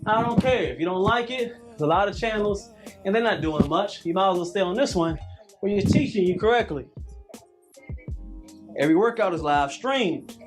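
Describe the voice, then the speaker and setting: A man's voice: sits high, expressive, moderate pace, over music. A man in his late thirties coaching a live calisthenics workout, repeating cues and preaching about hard work. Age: late 30s. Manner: preachy, repetitive motivational cues.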